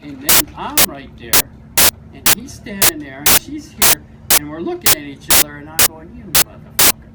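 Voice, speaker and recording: A man's voice: on the high side, moderate pace, vocal fry, far from the mic. A man telling a story to friends in a casual, profane way, acting out what people said. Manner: animated, profane, acts out quotes. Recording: loud background noise.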